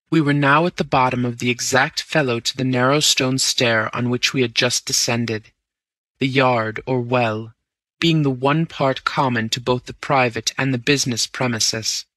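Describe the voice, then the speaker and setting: A man narrating a story in the first person, reading in a steady, measured way. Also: medium pitch, no room sound. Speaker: audiobook narrator.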